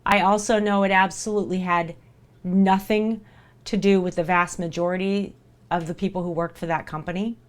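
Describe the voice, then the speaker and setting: A woman's voice: on the low side, fairly even intonation, normal speed. A woman streamer talking live to her viewers in an earnest, reassuring way, repeating herself for emphasis.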